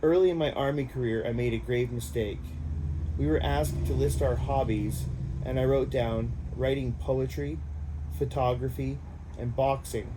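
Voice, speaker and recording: A man's voice: mid-range voice, fairly even intonation, normal speed, background noise. A man giving an amateur reading of a war memoir in a plain, unpolished way. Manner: plain, unpolished, casual asides. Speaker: audiobook reader.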